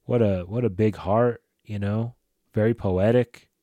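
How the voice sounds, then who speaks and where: A man in his forties talks loosely through his solo podcast, swearing freely and stumbling over fillers and restarts. His voice sits a little low and has a dark, mellow tone. The recording is dry and close, with no room sound. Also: steady tone, a little slow, no room sound, highs cut off. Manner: rambling, profane, lots of fillers and restarts. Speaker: podcast host. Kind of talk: casual solo podcast talk.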